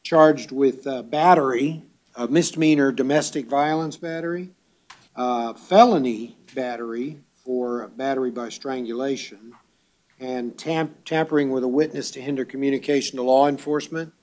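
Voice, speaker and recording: A man serving as a judge at a bond hearing, speaking in a measured, formal way with frequent fillers. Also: mid-range voice, darkish tone.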